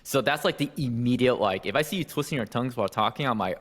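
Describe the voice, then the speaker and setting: A young man from Taiwan co-hosting a podcast in casual chat, animated and swearing freely, slurring his words. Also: medium pitch, quick pace. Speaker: podcast co-host.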